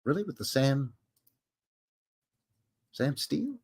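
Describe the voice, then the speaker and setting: A man's voice: mid-range voice, big pitch swings, takes it slowly, a little mellow, slightly rough. A man with a Canadian accent hosting a live stream, greeting his chat in a jokey, folksy way. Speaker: livestream host.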